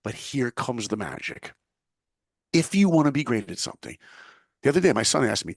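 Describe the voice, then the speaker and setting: A middle-aged New York man, appearing as a guest, tells an animated story in a punchy, motivational style, acting out the quoted voices. His mid-range voice swings widely in pitch and is a bit creaky, moving slightly fast with frequent pauses. The studio recording is clean, with no room sound.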